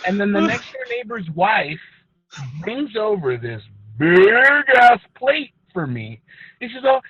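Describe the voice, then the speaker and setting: A high-voiced, bright man tells stories in a casual podcast chat, swearing a lot and playing up the drama. His voice is husky, and the lo-fi recording is dry. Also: unhurried. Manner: animated storyteller, swears a lot, mock-emotional. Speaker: podcast co-host.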